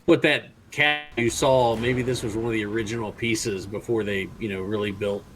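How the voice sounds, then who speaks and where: A man narrating as game master, relaxed and halting, with fillers. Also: fairly low pitch, over music, low-quality recording. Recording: faint background noise.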